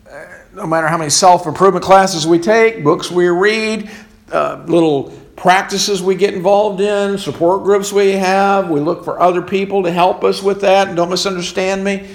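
A man's voice: high voice, steady tone, normal speed. A man preaching a sermon in an earnest way, asking rhetorical questions as he goes. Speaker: pastor.

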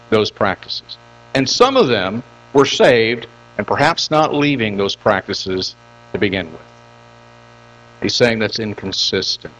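A man's voice: medium pitch, fairly bright tone, poor audio. An older man preaching a sermon as pastor, emphatic and repeating phrases for stress.

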